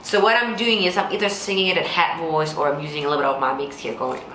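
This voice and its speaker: A woman vocal coach with a low contralto voice, explaining technique and breaking into sung examples. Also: fairly even intonation, fast talker, pushed and bright, slight background noise. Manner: explains then sings example lines. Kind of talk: singing tutorial with sung demonstrations. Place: Singapore. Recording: echoey room with faint music.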